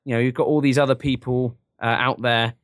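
A man's voice: medium pitch, level tone, fairly quick, no room sound. An English man co-hosting a podcast, chatting casually with dry, ironic humor. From England. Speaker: podcast co-host.

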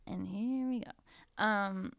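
A woman's voice: mid-range voice, takes it slowly, gravelly, dull audio. A woman hosting a podcast in casual chat, reading listener stories aloud with frequent giggles and frank, crude humor. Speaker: podcast host.

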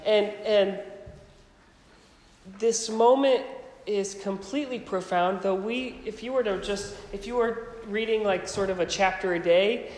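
A man's voice: high voice, a little slow, a little mellow, roomy sound, long reverb tail, rough recording. A man preaching a sermon as pastor, casual and conversational, with frequent ums and restarts.

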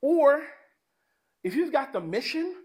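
A male pastor preaches in a loose, conversational style, peppering his sermon with slang and checking in with the crowd. His voice sits notably high for a man. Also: sing-song, slow.

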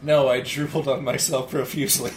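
A man's voice: mid-range voice, level tone, brisk, noisy background. A man co-hosting a podcast, joking crudely while watching a movie. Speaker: podcast co-host. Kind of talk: casual riffing over a movie.

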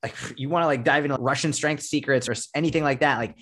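A man's voice: a little high, fast talker, a bit bright. A man speaking as a fitness coach guest in a casual podcast interview, blunt and emphatic, with frequent swearing.

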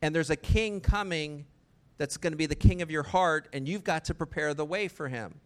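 A man's voice: a little high, moderate pace. A man preaching a sermon in a conversational way, often asking the listeners rhetorical questions.

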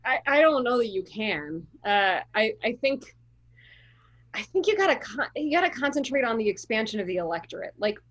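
Blunt woman chatting, slightly high voice. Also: expressive, moderate pace, a bit bright, dull audio. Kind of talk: casual conversation.

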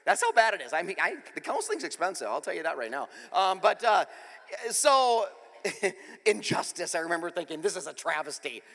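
A pastor giving a humorous, self-deprecating sermon with an animated storytelling manner, speaking in a church. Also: male voice, high-pitched, moderate pace, vocal fry, in a large hall. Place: church in the speaker's home city.

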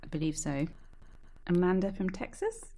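Chatty female podcast co-host, somewhat low voice, reads listener mail aloud. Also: expressive, normal speed, dark tone. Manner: chatty, frequent "like" and "um" fillers. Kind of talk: casual chat and reading listener emails.

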